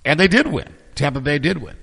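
A middle-aged man hosting his podcast, telling stories in a sarcastic, profane, animated casual monologue. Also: a little high, brisk, gravelly, breathy edge, big-room sound. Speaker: podcast host.

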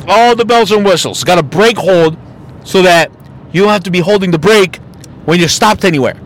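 A young man with a fairly high voice tells a casual, swear-filled story as a podcast host. He talks in an animated way and slips into other people's voices as he goes. His manner is loose and conversational, like a friend recounting his week. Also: brisk.

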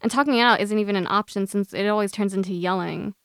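Young woman guest reading her own story, smooth and clear voice, close and dry. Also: mid-range voice, fast, fairly bright tone, dry recording. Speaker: guest author. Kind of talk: reading a personal essay aloud.

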